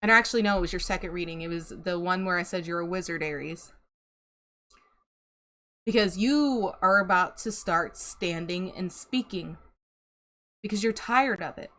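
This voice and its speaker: A woman's voice: on the low side, normal speed, pauses often, bright, forceful tone. A young woman giving a casual tarot reading to camera, chatty and sympathetic, laughing and sighing often. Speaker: tarot reader.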